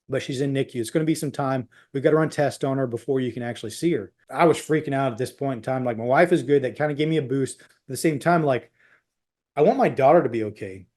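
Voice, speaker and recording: A man's voice: mid-range voice, darkish tone. A man in his thirties, a guest on a podcast, intensely telling a personal story and acting out what others said. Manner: intense, quotes others in their voices while retelling.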